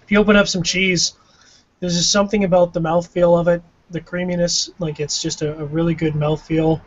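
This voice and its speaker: A man's voice: high voice, flat delivery, fairly quick. A man with a Canadian accent co-hosting a casual tasting chat, musing and self-deprecating. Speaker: co-host of a cigar pairing show. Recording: dull lo-fi audio.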